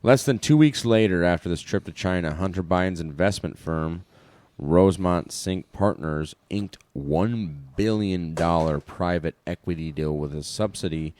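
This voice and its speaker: A man's voice: low voice, normal speed, darkish tone, dry recording. A man co-hosting a podcast, chatting casually with wry, joking asides. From Iowa. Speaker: podcast co-host. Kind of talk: casual political chat.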